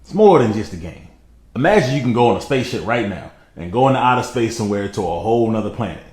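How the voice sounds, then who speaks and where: Brief: fast, earnest male monologue clip in an echoey room. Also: on the low side, lively intonation, darkish tone.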